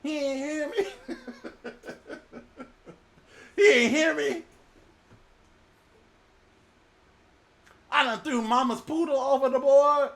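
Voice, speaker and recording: A man's voice: very high voice, sing-song, measured pace, fairly bright tone, full character voice. A male preacher voicing frightened sailors who scold a runaway passenger, exasperated and colloquial.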